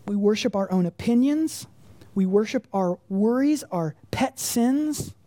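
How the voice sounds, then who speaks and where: A woman preaching a sermon in a mellow, warm tone. She speaks conversationally, leaning on rhetorical questions and emphatic repetition. The sound is dry and close. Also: medium pitch, lively intonation, unhurried, dry recording. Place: church congregation room.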